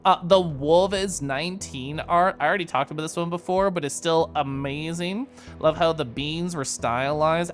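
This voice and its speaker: A young man chatting casually with viewers on a live stream, giggly and animated. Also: mid-range voice.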